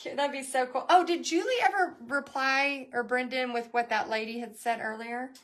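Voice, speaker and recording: A woman's voice: high voice, normal speed, a bit bright. A woman hosting a live painting lesson and business coaching session, chatting in a bubbly, gushing way.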